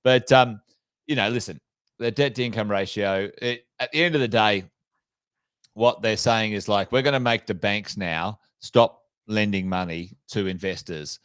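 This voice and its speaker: A man's voice: fairly low pitch, normal speed, a bit bright, clear, resonant tone, dry recording. An Australian man co-hosting a finance podcast, blunt and sweary, mocking officials in casual banter. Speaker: podcast co-host.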